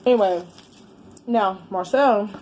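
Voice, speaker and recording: A middle-aged woman, chatting casually as a vlogger while eating, exclamatory and quick to laugh. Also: mid-range voice, darkish tone, slight background noise. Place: home, with a fan running.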